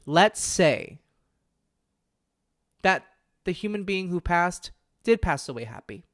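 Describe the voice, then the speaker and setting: A man's voice: high voice, animated, slow pace, dry recording, studio quality. A man hosting a solo podcast, talking in an earnest, impassioned way and often correcting himself mid-sentence. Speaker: podcast host.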